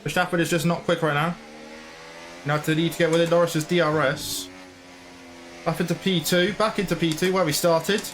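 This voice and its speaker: A man's voice: fairly high pitch, fairly even intonation, moderate pace, pauses often, a bit bright, a little hiss or hum. A man commentating his own racing game, frustrated and ranting. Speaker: gaming channel host.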